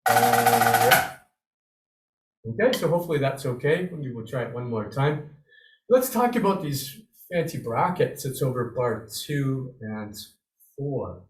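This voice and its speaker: A man's voice: mid-range voice, sing-song, moderate pace, darkish tone. A man giving an online snare drum lesson, upbeat and encouraging, walking through scores and vocalizing the rhythms. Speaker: drumming instructor. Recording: roomy, slightly distant video call audio.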